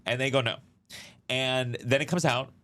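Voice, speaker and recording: A man in casual podcast chat, spinning a comic story at an easy pace. He acts out quoted lines, drops the odd swear word, and talks in a middle-pitched voice. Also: moderate pace. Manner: animated anecdotes with acted-out quotes, some swearing. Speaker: comedian guest.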